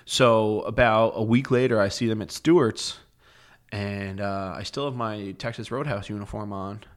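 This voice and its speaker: A young guest on a podcast spins casual anecdotes at a normal pace, his voice leaning low. His delivery is animated and profane, heavy on filler words.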